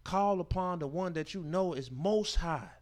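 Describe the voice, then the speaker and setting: A man teaching a scripture class as a sermon, reading verses aloud and explaining them with emphatic, informal preaching that swings from loud declarations to quiet asides. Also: high-pitched, unhurried. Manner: informal speech with dropped verb endings and rhetorical questions.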